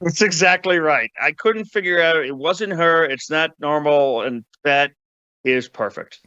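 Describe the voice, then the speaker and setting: A man gives wry political commentary, stumbling into restarts as he goes. His voice is bright and crisp, with a dry and slightly dull sound. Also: fairly high pitch, measured pace, no room sound.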